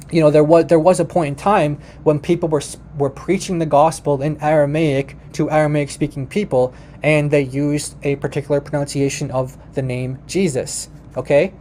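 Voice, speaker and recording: A man's voice: fairly high pitch, warm tone, slight background noise. A man giving casual, emphatic commentary while reacting to a video, often correcting himself and talking to his viewers.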